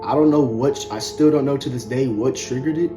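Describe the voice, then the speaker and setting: A young male vlogger tells viewers a personal story, casual and rambling, stumbling over and repeating words with many fillers. His mid-pitched voice moves briskly, with music clearly audible beneath him.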